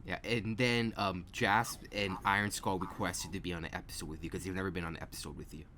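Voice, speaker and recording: A man's voice: low-pitched, steady tone, fast talker, crowd noise. A man hosting a podcast in casual chat, rambling with fillers and restarts. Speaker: podcast host.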